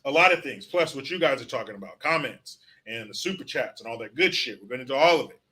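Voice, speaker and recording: A political commentary show host runs a livestream, reading chat comments aloud while ranting bluntly and sarcastically with plenty of profanity. His medium-pitched voice is bright and forceful, with lively intonation and a slightly fast pace.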